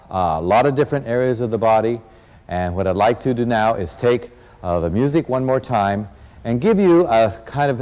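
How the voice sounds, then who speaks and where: A man's voice: lowish voice, a little mellow. A man teaching dance in an instructional video, explaining technique and counting the beats aloud. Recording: reverberant hall with music playing.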